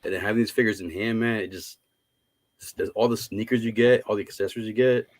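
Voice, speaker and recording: Casting: relaxed man, lowish voice, casual collector chat over a video call. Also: fast, dry recording. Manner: easygoing, says "man" a lot. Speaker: collector, stream guest.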